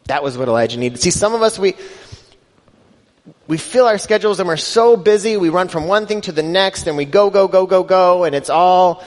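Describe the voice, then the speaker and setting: A man's voice: high voice, normal speed. A male pastor giving a conversational sermon, building emphasis and acting out scripture quotes. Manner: conversational preaching, rising emphasis, quoting scripture in voices. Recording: long hall reverb.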